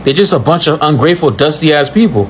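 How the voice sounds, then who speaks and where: A man's voice: on the high side, expressive, fast talker, slight background noise. A man doing casual reaction commentary on clips, blunt and ranting, full of slang.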